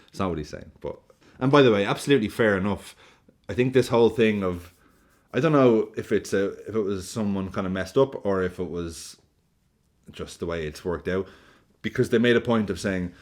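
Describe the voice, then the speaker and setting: A man with a low voice talks through a reaction video in a loose, joking way, swearing now and then. His delivery is animated and casual. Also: brisk. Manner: animated, jokey, swears freely. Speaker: football reaction video host.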